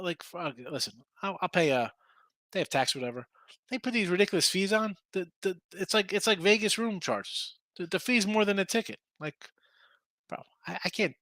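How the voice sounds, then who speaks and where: With a high-pitched, bright, forceful voice and no echo, this sports betting show host chats casually on a live stream. He reads out viewer comments, addresses the chat directly, and slips into loose rants.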